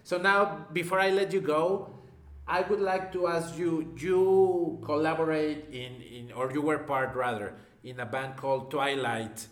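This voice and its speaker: A man's voice: a little high, unhurried, a bit bright, reverberant. A man hosting a casual interview over a call, hesitating and searching for English words. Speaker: podcast host. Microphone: remote call mic.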